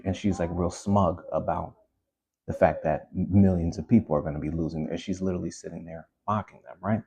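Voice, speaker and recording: A man's voice: deep voice, fairly even intonation, a little fast, vocal fry, mellow, breathy edge. A man hosting his own show, ranting in a casual commentary monologue with many restarts and asides. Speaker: podcast host.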